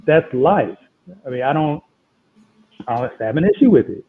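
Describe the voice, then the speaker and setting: A man guest telling a story in a conversation, talking in an animated, emphatic way. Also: medium pitch, a little fast. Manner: animated, emphatic, retells exchanges with repeated "I'm like". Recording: tinny phone-like line.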